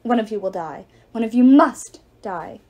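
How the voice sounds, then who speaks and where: A woman reading aloud and voicing a proud, furious female goddess of victory who threatens loudly. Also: a little high, lively intonation, normal speed, highs cut off. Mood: furious, haughty. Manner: haughty, threatening, loud.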